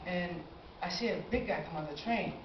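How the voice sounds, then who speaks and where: An eighteen-year-old man telling a personal story on stage, animated and acting out his own reactions. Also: high-pitched, brisk, slight background noise. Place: live stage in a small cafe venue. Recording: roomy, dull amateur live recording.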